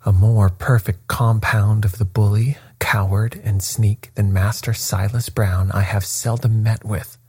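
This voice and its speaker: A man reading as a calm, precise detective. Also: fairly low pitch, unhurried, hardly any pauses, husky, dry recording, clean studio sound. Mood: dry. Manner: calm, precise, quietly commanding. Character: cool, sharp, confident male detective.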